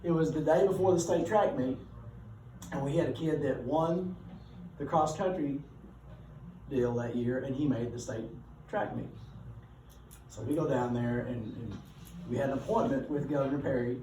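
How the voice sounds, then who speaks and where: A man, a teacher telling animated, rambling anecdotes to his class with frequent self-corrections. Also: mid-range voice, normal speed, pauses often. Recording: echoey room, distant mic, background noise.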